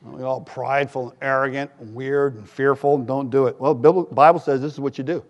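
A man preaching a sermon as pastor, animated, jumping to loud, high quoted voices and dropping into wry asides. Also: a little fast, highs cut off. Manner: animated, rises to shouts for quoted voices, self-deprecating asides. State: tired.

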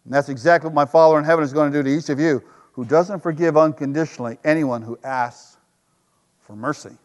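Male pastor, high voice, storytelling sermon style with emphatic swells and quiet drops, church hall reverb. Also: fast, lo-fi sound.

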